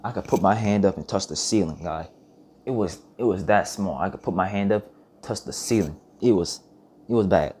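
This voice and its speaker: A man's voice: low voice, normal speed, darkish tone, slightly rough. A young man telling rambling, profane stories in a casual vlog monologue, often restarting his sentences. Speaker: vlogger.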